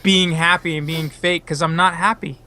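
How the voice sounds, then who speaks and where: A man's voice: on the high side, steady tone, moderate pace, very noisy. A man chatting casually on an online call, blunt and profane as he vents about his job. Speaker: podcast co-host, retail worker. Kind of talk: casual group chat over a voice call. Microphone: computer mic on an online call.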